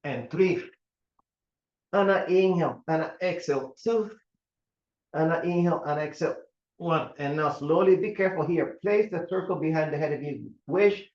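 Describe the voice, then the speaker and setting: Older man, mat class instructor, slow steady counting, fairly high voice, echoey muffled room. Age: 70s. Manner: counting reps slowly with calm cues. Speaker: fitness instructor. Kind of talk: guided mat exercise class. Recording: roomy, dull home recording.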